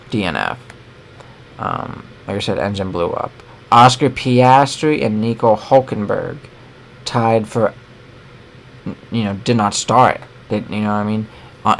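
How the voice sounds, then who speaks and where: Gravelly young man rambling about racing. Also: on the low side, a little hiss or hum. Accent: American. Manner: rambling and opinionated, with many fillers and self-corrections. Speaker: sports show co-host. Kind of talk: casual sports commentary.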